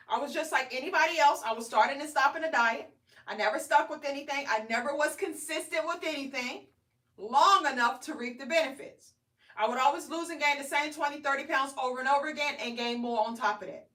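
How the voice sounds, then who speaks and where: A woman with a high, bright voice talks to her viewers in a chatty live stream about her weight loss. She keeps checking in with "okay?" and "guys," and she sits some distance from the mic.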